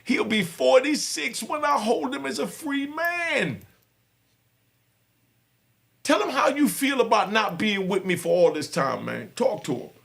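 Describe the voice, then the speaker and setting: A middle-aged man talking to his viewers with fervent, preaching passion and bursts of shouting. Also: extremely high pitch, big pitch swings, measured pace, gravelly. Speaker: host. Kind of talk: impassioned talk to viewers.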